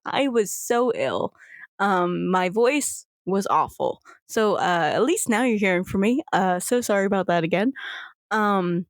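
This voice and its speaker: A woman's voice: medium pitch, animated, unhurried, no echo, clean studio sound. Giggly woman running a tabletop game. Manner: giggly, rambling with many fillers. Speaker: game master. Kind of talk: narrating a tabletop game podcast.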